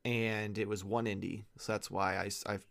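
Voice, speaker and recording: A man chats casually on a podcast in a low, heavily gravelly voice. He often stammers and repeats words before his thoughts come out. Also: flat delivery, normal speed, fairly bright tone. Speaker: podcast co-host. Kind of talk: casual chat.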